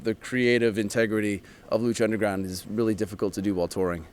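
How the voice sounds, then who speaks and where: A man chatting as a guest in an interview, easygoing and quick to laugh. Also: on the low side, little pitch movement. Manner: easygoing, laughs often, loose filler-heavy phrasing. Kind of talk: casual interview chat.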